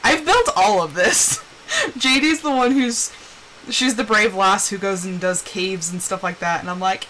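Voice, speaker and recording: Bright, lively young woman streamer. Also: medium pitch, unhurried, a little hiss or hum, poor audio. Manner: chatty, animated storytelling with quoted voices. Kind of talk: casual live-stream gameplay chat.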